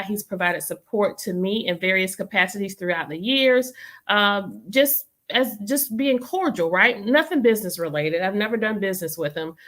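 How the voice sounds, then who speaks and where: A woman's voice: medium pitch, fairly bright tone. A woman, a city council member talking straight to her audience in casual commentary, emphatic and repeating lines for effect.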